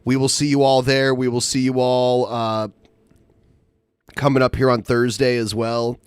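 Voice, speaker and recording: A man's voice: mid-range voice, flat delivery, a little slow, clear, resonant tone, dry recording, clean studio sound. A man hosting a casual podcast, bantering and laughing with his co-hosts. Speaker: podcast host.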